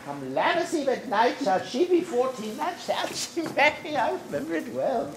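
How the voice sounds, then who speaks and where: Woman doing a rambling, giggly old nurse with a high, lively voice and slow delivery, roomy stage recording. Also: heavy background noise. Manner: rambling, laughs through her lines. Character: old chattering female nurse, bawdy and giggly. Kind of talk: amateur stage acting. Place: theater stage.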